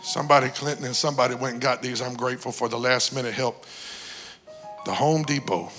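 A man preaching a sermon as a guest bishop in a church, exhorting and shouting, with big swings between loud cries and quiet talk. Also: medium pitch, fairly even intonation, a little fast, faint music behind. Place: church sanctuary.

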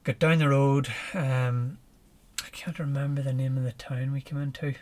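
A man with a Northern Irish accent, a podcast guest telling his story in a relaxed, lively way and chuckling as he goes. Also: medium pitch, normal speed. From Northern Ireland. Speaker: podcast guest, ultra runner. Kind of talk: casual storytelling.

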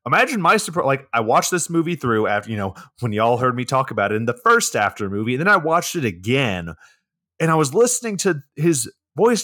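A man's voice: medium pitch, sing-song, fairly quick, bright, forceful tone, no room sound. Blunt incredulous man, dry close sound. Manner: blunt, incredulous, swears often. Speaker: podcast co-host. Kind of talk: casual movie recap chat.

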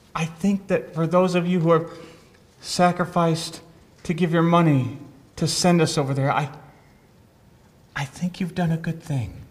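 Middle-aged man, earnest sermon, missionary doctor, fairly high voice.

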